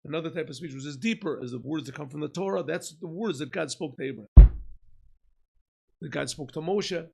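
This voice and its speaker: A man, a rabbi, giving an informal Torah lesson, asking and answering his own questions and often clearing his throat. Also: on the high side, a little fast, dark tone. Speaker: rabbi teaching a class.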